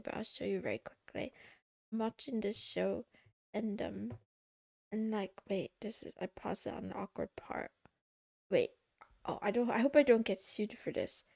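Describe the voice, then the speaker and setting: A young woman streaming from home, chatting casually with her viewers in a playful way, with the odd meow and high squeals when she gets excited. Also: vocal fry, dry recording, studio quality. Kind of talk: casual chat with live chat.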